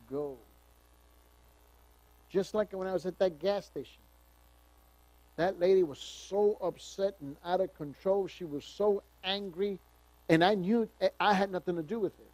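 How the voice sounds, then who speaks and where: Male pastor, high voice, chatty emphatic bible teaching, dry close sound. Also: a little slow, pauses often, darkish tone, dry recording, low-quality recording. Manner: conversational, emphatic, tells personal stories.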